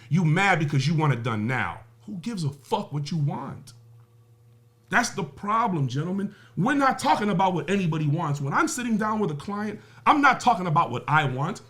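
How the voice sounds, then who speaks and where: Speaking briskly with a bright, forceful tone, the music business guest has a highish voice with big pitch swings. In this podcast interview he's emphatic and profane, throwing out rhetorical questions and everyday analogies.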